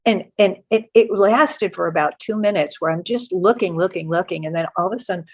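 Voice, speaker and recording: Woman guest with a lowish voice; earnest, halting, self-correcting storyteller; dull lo-fi recording. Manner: earnest, halting with many restarts. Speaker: guest author. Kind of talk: personal spiritual storytelling. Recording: muffled lo-fi audio.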